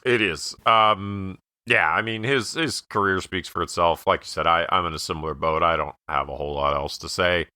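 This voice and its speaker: A man with a very deep yet strikingly bright, crisp voice co-hosts a casual movie podcast. He muses in an unhurried way, full of ums. The sound is dry and close. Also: fairly even intonation, no echo. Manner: measured, filler-heavy musing. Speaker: podcast co-host. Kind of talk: casual movie review chat.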